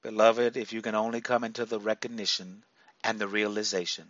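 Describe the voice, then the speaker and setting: A male preacher delivering a sermon, repeating phrases for emphasis and breaking into sudden loud bursts. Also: fairly low pitch, flat delivery, a little fast, no room sound, highs cut off.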